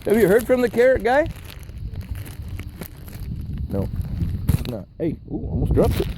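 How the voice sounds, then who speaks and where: A man chatting outdoors while feeding animals, cursing freely and ending lines with "eh?". His voice is mellow and dark in tone, yet his pitch swings in an animated way. Faint outdoor ambience sits behind him on a handheld camera recording. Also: a little hiss or hum, poor audio. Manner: swears a lot, drawn-out "eh?" tags. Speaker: vlogger. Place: outdoors on a rural property.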